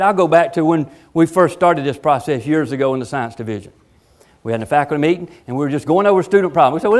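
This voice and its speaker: A man delivering a motivational talk to educators at a rapid clip. His voice sits a bit high, and his delivery is emphatic and folksy as he plays out imagined conversations. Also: darkish tone. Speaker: education speaker.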